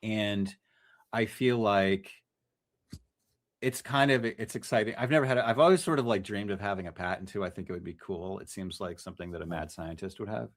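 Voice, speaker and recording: A middle-aged man with a lowish voice talks in a loose, conversational way. He is a freelance journalist who often breaks off mid-phrase and starts again as he works through his ideas. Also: a little fast. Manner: restless, self-correcting, many restarts and fillers. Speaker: freelance journalist, podcast guest. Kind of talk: casual conversational interview.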